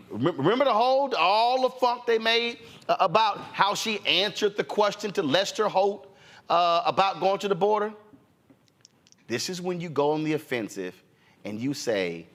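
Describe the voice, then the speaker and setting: A man's voice: high-pitched, animated, normal speed, a bit bright. A man hosting a political talk show, delivering fired-up commentary with a preacher-like cadence and quoting others in mock voices. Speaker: host.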